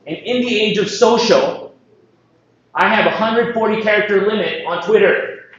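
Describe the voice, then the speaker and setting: A man from the Philippines giving a lively conference presentation, joking and asking the audience questions. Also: sits high, normal speed, slight background noise. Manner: jokey, asks the audience questions. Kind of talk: live presentation talk. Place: conference hall. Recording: distant mic, echoey hall, dull sound.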